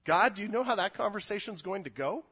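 A man's voice: high voice, lively intonation, fast, a bit bright, husky, pitched above the performer's own voice, heavily acted. A man voicing a doubting old priest who pleads in exasperation that he and his wife are too old. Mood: exasperated.

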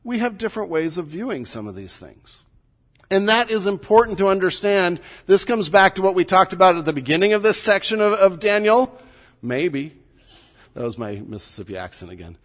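A man's voice: high voice, lively intonation, a little fast, fairly bright tone. A middle-aged man, a pastor, preaching a sermon in a conversational, teaching way with light humor, recorded in a church sanctuary. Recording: long hall reverb.

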